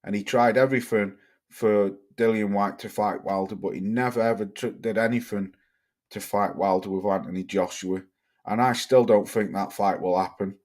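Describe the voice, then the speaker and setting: A man's voice: fairly low pitch, fairly even intonation, moderate pace, darkish tone. Male livestream host from Cheshire, blunt, sweary ranting delivery. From Cheshire, England. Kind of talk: livestream rant reading chat comments.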